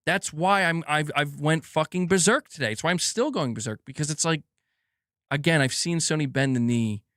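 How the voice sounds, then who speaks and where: A young man hosting a gaming news live stream, ranting in a heated, profane flow packed with filler words. His voice sits a bit high for a man. The sound is dry and close, with no room around it. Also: moderate pace, a bit bright, no room sound. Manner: heated ranting, heavy swearing, many fillers. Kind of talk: live stream commentary, reading super chats.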